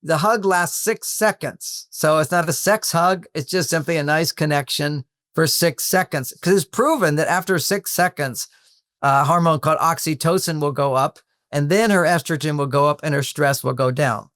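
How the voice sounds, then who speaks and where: A man's voice: fairly high pitch, a bit bright, dry recording, studio quality. An older man, a relationship author, explaining workplace advice in a conversational way and acting out little bits of dialogue. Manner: explanatory, acts out example dialogue in quick little voices.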